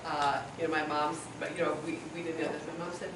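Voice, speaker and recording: A halting speaker at a memorial, breaking off and restarting while sharing a family memory. The voice is far from the mic in a roomy hall with a clear hiss behind it. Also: mid-range voice, little pitch movement. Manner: halting, full of fillers. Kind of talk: personal memorial speech.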